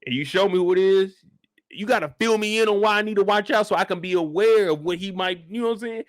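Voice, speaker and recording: He's a fast talker with a voice that sits high, hosting a funny, foul-mouthed reaction to a TV episode and cracking up frequently. The energy is animated, and the recording is dry and clean, like a studio.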